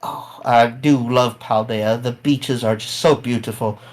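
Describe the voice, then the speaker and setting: A man's voice: mid-range voice, steady tone, measured pace, pitched below the performer's own voice, natural voice, low-quality recording. A man putting on a prim, chatty old lady. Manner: genteel, fussy and talkative. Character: chatty, prim elderly woman traveler.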